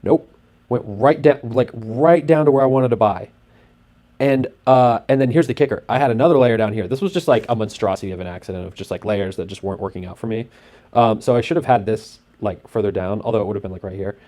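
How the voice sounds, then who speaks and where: Rambling, excitable man with a mellow voice. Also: lowish voice, fast talker. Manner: rambling and excitable, heavy on fillers; acts out sound effects and his own thoughts. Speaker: host. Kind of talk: casual walkthrough narration over a screen.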